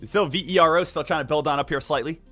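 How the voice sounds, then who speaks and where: A man streaming live market commentary, energetic and emphatic, repeating key points and joking with viewers. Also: a little high, fast, faint music behind. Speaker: day trading live streamer.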